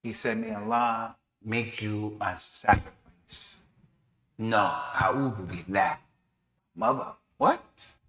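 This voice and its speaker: A man's voice: on the low side, slow. Man teaching a lesson in an echoey mosque. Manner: animated storytelling, acting out quoted voices. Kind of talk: sermon-style lesson. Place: mosque prayer hall.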